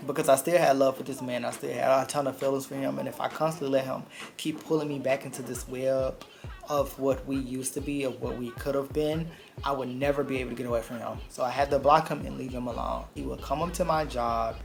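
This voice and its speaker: Gravelly-voiced man. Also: medium pitch, fairly even intonation, a little fast, a little hiss or hum. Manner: blunt, profane, dramatic retelling. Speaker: vlogger. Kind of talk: casual storytime vlog.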